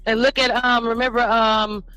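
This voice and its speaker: A woman's voice: fairly high pitch, little pitch movement, moderate pace, bright, forceful tone, clean tone, no echo, soft background music, poor audio. A woman in a casual live chat, talking bluntly and rambling with frequent restarts.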